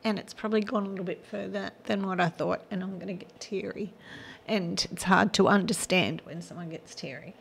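A woman's voice: lowish voice, vocal fry, slight background noise. An older woman hosting a gospel radio show, giving an earnest, emotional devotional talk. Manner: earnest, emotional, slow and heartfelt.

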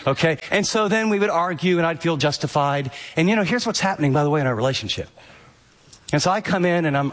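Animated preaching man with a high voice. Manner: animated preaching, rising to emphatic peaks, dropping soft for quoted lines. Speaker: pastor. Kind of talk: sermon.

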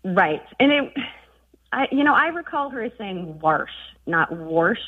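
A woman's voice: fairly high pitch, very animated, unhurried, no echo. A woman from northern Minnesota calling in to a radio show and chatting through a story. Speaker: caller. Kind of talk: phone-in call. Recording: tinny phone line.

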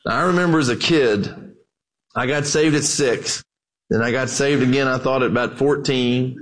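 A man's voice: medium pitch, moderate pace, poor audio. A man preaching a sermon, a conversational and folksy storyteller who talks straight to his listeners. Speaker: pastor.

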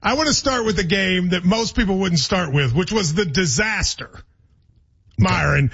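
A man's voice: sits high, fairly bright tone, husky, lo-fi sound. A man hosting a sports radio show, chatty and wry. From Kentucky. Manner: chatty, wry, laughs easily. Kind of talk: casual sports talk.

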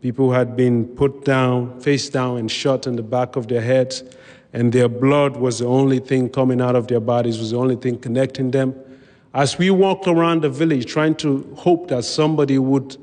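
A man recounting his own past in a measured, vivid way, pausing now and then to restart a phrase. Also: medium pitch, fairly even intonation, a little mellow. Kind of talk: personal storytelling talk. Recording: long hall reverb.

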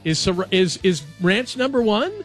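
A man hosting a sports radio show, chatting casually and reading headlines in a jokey, animated way. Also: high voice, normal speed, soft background music.

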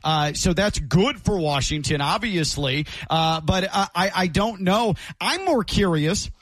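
A man's voice: high-pitched, animated, measured pace, a bit bright, dry recording. A man co-hosting a casual sports talk show, agreeable and thinking aloud as he talks. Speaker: sports radio co-host.

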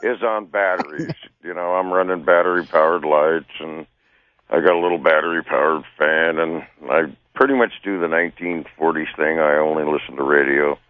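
A man's voice: very deep voice, steady tone, moderate pace, dry recording. A man in his sixties calling in, talking in a folksy, rambling way about life in the mountains. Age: 60s. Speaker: caller. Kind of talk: casual chat. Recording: tinny phone line.

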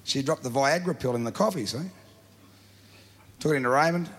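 A man's voice: medium pitch, brisk, fairly bright tone. A man with an Australian accent telling comic stories in a drawling, laid-back way full of filler sounds. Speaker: comedian telling yarns. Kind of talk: stand-up storytelling.

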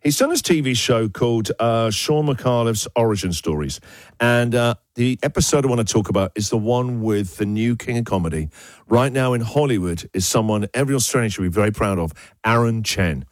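A man's voice: medium pitch, lively intonation, brisk, no room sound. A man hosting a radio show, recommending things in an enthusiastic, emphatic way with lots of repeated words, in a studio. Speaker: radio host. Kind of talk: casual radio chat.

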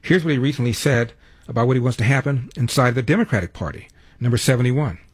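A man's voice: medium pitch, fast talker, breathy edge, dry recording. An older man hosting a talk radio show, brash and sarcastic as he reads promos and sets up clips. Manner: brash, sarcastic, reads ads and phone numbers.

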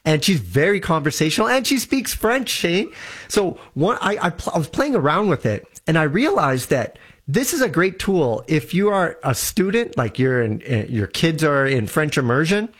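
A man's voice: fairly high pitch, big pitch swings, normal speed, a bit bright, slightly rough. A man explaining tech in an eager, casual way, often restarting his sentences. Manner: enthusiastic, restarts a lot. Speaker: tech guest on a show.

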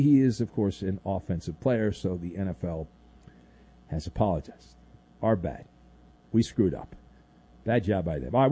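A male sports radio host bantering playfully with callers and reading news in a lively way. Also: mid-range voice, no room sound. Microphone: studio microphone.

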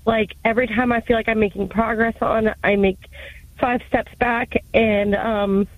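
A woman's voice: fairly high pitch, steady tone, measured pace, dry recording, phone-quality sound. Thirtysomething woman caller, hesitant and emotional, lots of um and like, dry close sound. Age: 30s. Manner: hesitant, emotional, filler-heavy. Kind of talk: call-in question.

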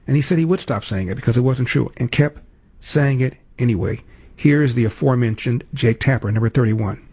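Male talk host, husky and fried, indignant commentary with emphatic repeats. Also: mid-range voice, brisk, mellow. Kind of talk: political commentary monologue.

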